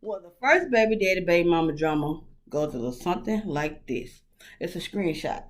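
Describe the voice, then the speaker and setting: A woman's voice: on the low side, expressive, fairly quick, slight background noise. A woman hosting her own talk vlog, talking casually and frankly in a rambling way, with lots of fillers and swearing. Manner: blunt, opinionated, swears freely. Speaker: host. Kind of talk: casual solo vlog monologue.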